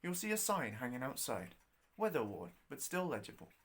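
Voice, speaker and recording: A plain-spoken young Scottish railway porter, as a storyteller voices him, obliging and direct. His voice moves lively up and down as he points the way and passes on a friendly warning. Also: mid-range voice, normal speed. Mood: helpful.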